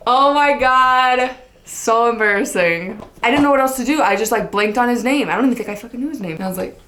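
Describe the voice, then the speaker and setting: A woman's voice: a little high, a little fast, noisy background. A young woman casually telling a funny personal story, chatty and self-mocking, swearing freely and acting out what people said. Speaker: vlogger telling her story.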